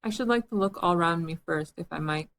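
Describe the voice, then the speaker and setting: A polite, curious little girl of seven, read by a woman telling a storybook. She speaks gently and earnestly, on a fairly low pitch. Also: a little fast, gravelly, slight background noise.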